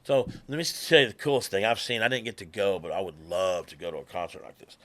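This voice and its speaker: A man, a musician guest telling stories in casual talk, animated and swearing freely. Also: low voice, quick pace. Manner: animated, swears freely, acts out quoted people. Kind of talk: casual conversational storytelling.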